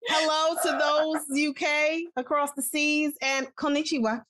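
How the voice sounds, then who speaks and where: Chatty upbeat woman from the dc area, highish voice, podcast cohost. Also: flat delivery, a little slow. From Washington DC area, US. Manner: upbeat, chatty, giving shout-outs to listeners. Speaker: podcast co-host. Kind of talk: casual chat.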